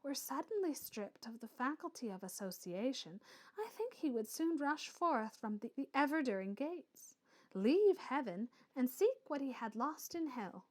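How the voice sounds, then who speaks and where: A woman reading an audiobook and voicing a proud, earnest young woman who speaks softly and with quiet fervour. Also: high-pitched, big pitch swings, a little slow, full character voice. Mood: fervent.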